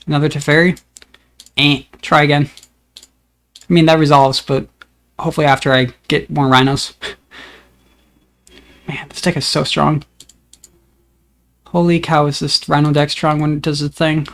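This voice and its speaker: A man casually comments on his own card game, thinking aloud about each play in a relaxed, upbeat way. His voice sits on the high side, at a moderate pace with long pauses.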